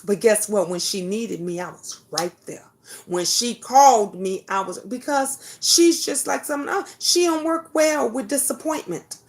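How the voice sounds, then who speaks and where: A middle-aged woman hosts a talk show, speaking in a voice pitched a little on the high side. She delivers an impassioned monologue, blunt and full of profanity. She lectures her audience the way a preacher would. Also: a little slow.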